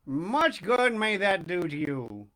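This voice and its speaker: A man voicing a hot-tempered, lively little old man who makes wooden puppets, speaking loudly in a storybook reading. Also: high-pitched, slow pace, exaggerated voice. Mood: dry. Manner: loud, hot-tempered and indignant.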